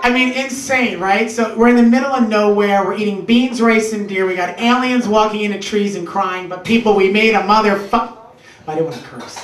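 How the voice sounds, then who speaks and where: A man performing a stand-up comedy set, telling stories animatedly and shouting punchlines in put-on voices. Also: sits high, normal speed. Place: small comedy club stage. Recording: roomy club sound from a distance with audience. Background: audience laughter.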